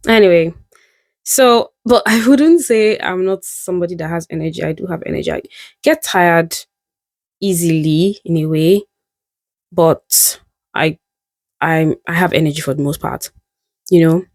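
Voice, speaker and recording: A young woman with a low voice and a gravelly fry talks to camera in a candid, musing vlog. She often laughs at herself. The sound is dry and close. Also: measured pace, long pauses, a little mellow, dry recording. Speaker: vlogger. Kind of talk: reflective casual monologue.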